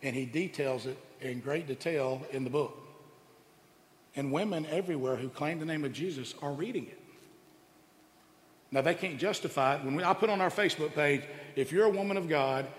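A man preaching an impassioned sermon, emphatic and full of rhetorical questions that build to loud exclamations. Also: a little high. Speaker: preacher and radio show host. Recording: echoey hall with long reverb.

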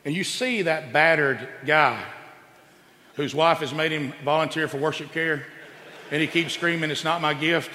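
A middle-aged man telling a comic story on stage, animated and jumping into quoted voices. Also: unhurried, big-room sound, a little hiss or hum. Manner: animated, acts out quoted voices with big pitch jumps. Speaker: stand-up comedian. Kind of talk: stand-up storytelling.

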